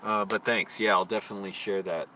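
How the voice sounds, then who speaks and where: A man's voice: on the low side, level tone, fast, pushed and bright, slight background noise. A man live-streaming outdoors, telling rambling anecdotes with restarts, his voice rising when he retells arguments. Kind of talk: casual live-stream storytelling.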